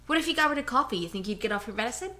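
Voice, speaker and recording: A woman co-hosting a casual podcast at home, ranting in a rambling, animated way into a cheap headphone mic. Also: a little high, very fast, slight background noise. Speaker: podcast co-host.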